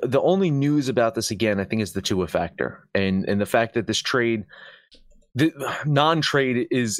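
A man hosting a sports betting show, talking in a casual, animated way with frequent swearing and emphatic outbursts. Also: fairly low pitch, no room sound, clean studio sound. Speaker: sports betting podcast host.

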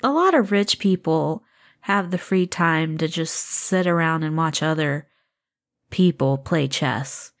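A woman with a low, expressive voice reads the intro to a tabletop game podcast she runs as game master. She then chats playfully with the players, tossing out quick asides.

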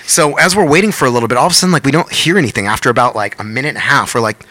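A man tells a wild story in a quick, rushing patter with a very bright, forceful tone. His talk is animated and profane. He acts out other people's lines in loud, raised voices. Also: medium pitch. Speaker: podcast guest telling stories. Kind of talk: casual storytelling chat.

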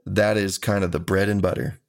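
A man's voice: low-pitched, steady tone, fairly quick, vocal fry. A man, a country singer talking earnestly and unhurriedly as an interview guest. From Texas. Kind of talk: casual interview talk.

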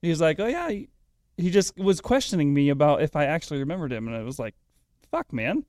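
Man, casual podcast stories, animated pitch, dry close mic. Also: fast, no room sound. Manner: laid-back anecdotes, swears, acts out quotes. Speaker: podcast co-host. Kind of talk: casual chat.

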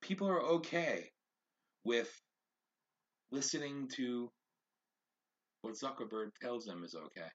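A husky-voiced man rants through social commentary on his podcast, preaching and repeating lines for emphasis. His voice sits at an average pitch, and the recording sounds dull and lo-fi. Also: animated, takes it slowly, pauses often. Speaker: podcast host.

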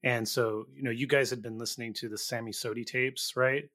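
Mid-pitched man hosting a casual chat. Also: fairly even intonation, brisk, bright, forceful tone. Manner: conversational, prompting questions and trading stories. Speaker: podcast host.

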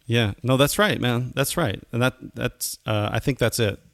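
A man's voice: mid-range voice, moderate pace, gravelly, no room sound. A man co-hosting a podcast, a pastor chatting casually, rambling with many restarts.

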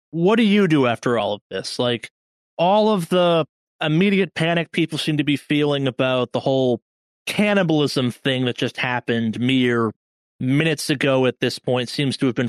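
A man's voice: mid-range voice, no echo, studio quality. Casual man running a tabletop game. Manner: casual, hedging with "kind of" and "like". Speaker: game master.

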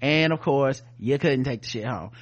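A man's voice: mid-range voice, normal speed. A man co-hosting a podcast, recapping a TV episode in casual, profane chat and acting out the characters' lines as he goes. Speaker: podcast co-host reviewing a TV episode.

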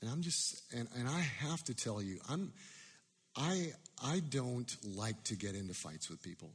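Breathy man preaching in a long-echo hall. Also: medium pitch, sing-song, unhurried. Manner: anecdotal, self-deprecating, many restarts. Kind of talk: sermon storytelling.

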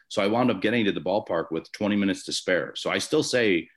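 A former baseball umpire from the Chicago area is the guest in a conversational storytelling interview, speaking from his home office. His voice is lowish and quick, with hardly any pauses, and his stories ramble with restarts and fillers.

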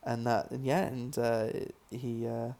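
A man's voice: mid-range voice, little pitch movement, a little slow, warm tone. A British man being interviewed as a filmmaker guest, talking casually with many restarts and an amused tone.

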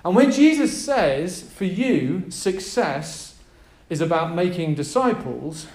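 High-voiced man preaching in an echoey room. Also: slow pace. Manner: emphatic, energetic preaching with audience prompts. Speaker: pastor. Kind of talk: sermon to a live group. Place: room with a gathered group.

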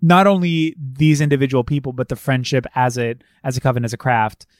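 A man's voice: medium pitch, fairly even intonation, a little fast, no room sound, clean studio sound. A man in a casual chat about a film, retelling scenes by acting out the characters' lines and swearing freely.

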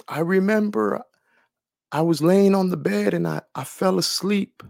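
A man's voice: sits high, unhurried, vocal fry, darkish tone, no echo, clean studio sound. A man sharing a personal faith testimony in an earnest, emotional way, repeating phrases for emphasis. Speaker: testimony speaker.

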